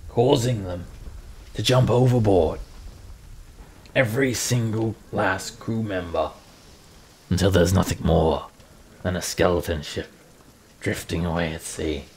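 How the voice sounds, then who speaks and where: Man doing a jokey sailor spinning spooky sea stories, gravelly and low. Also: a little hiss or hum. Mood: ominous. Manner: teasing, storytelling, boastful. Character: joking male sailor spinning sea tales.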